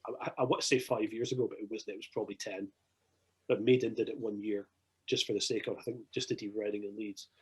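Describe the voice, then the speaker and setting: A man with a Scottish accent, swearing freely as he tells animated anecdotes in a casual podcast chat. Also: lowish voice, fast talker, breathy edge, low-quality recording.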